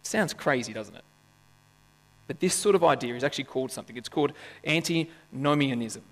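A pastor with a medium-pitched, expressive voice preaches at a fairly quick pace. His sermon is conversational and playful, full of jokes and questions for the congregation. The church hall adds long reverb and a mains hum.

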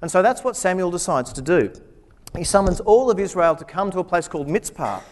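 A preacher with a fairly high voice, delivering a humorous sermon full of wry asides as he retells a scripture passage. His voice rings out with a long hall reverb. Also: animated, brisk.

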